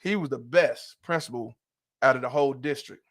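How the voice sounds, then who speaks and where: A man's voice: mid-range voice, fairly quick. A middle-aged man hosting a livestream, ranting in a blunt, profane and emphatic way. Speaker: host. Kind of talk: livestream commentary rant.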